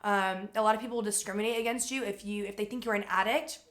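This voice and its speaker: A young woman telling a personal story to camera in a casual, animated way, with lots of "like" fillers. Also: mid-range voice, fast talker. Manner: animated retelling with frequent "like" fillers.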